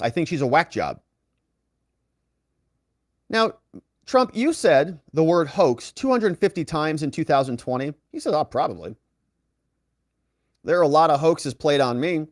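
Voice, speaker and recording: A man working as a legal commentator, reading out courtroom testimony and lifting his voice for quoted lines, with quick asides to the viewer. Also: a little high, no room sound, clean studio sound. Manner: reads quoted dialogue in a raised, lively voice.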